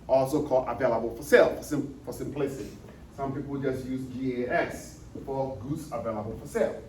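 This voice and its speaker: A man giving an accounting lecture, repeating key points and often checking that students follow. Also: medium pitch. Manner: repetitive, checks understanding with questions. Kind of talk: classroom lecture. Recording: echoey room, distant mic, faint noise.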